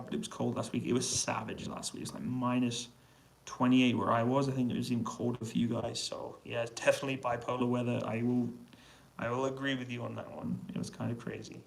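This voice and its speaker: British man chatting quietly with a gravelly edge. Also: mid-range voice, low-quality recording. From United Kingdom. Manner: relaxed, quiet voice to avoid waking neighbours. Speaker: livestream host answering chat questions. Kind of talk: casual live-stream chat. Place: hotel room on an army base.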